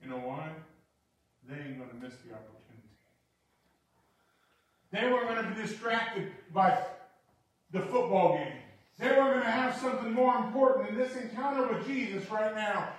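Animated preacher man in an echoey hall. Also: sits high, normal speed, pauses often, distant mic. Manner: animated, swings from quiet to shouting. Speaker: pastor. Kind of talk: sermon.

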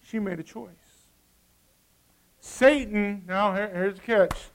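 A middle-aged man preaching a sermon, swinging between loud emphasis and quiet asides. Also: sits high, takes it slowly, low-quality recording.

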